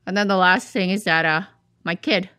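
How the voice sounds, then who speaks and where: Cartoon male tornado played by a woman, gloomy, destructive, lowish voice, dry recording. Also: steady tone, normal speed, sharp tone, smooth, no echo. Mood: complaining. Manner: whiny, exasperated, pleading. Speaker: therapy patient. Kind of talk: cartoon voice acting.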